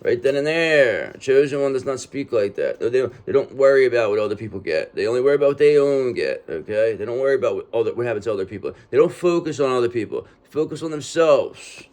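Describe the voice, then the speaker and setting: A man's voice: medium pitch, lively intonation, quick pace, few pauses, darkish tone. Man giving a streetwise tarot reading. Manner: street-talking, repetitive, reassuring with frequent "okay?". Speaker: tarot reader. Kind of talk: casual tarot reading monologue.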